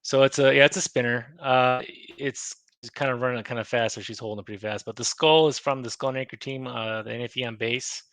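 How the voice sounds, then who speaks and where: A man's voice: mid-range voice, brisk, hardly any pauses, fairly bright tone, dry recording. A man, a navy chief, chatting casually about challenge coins, rambling with many fillers and restarts. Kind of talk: casual show-and-tell chat.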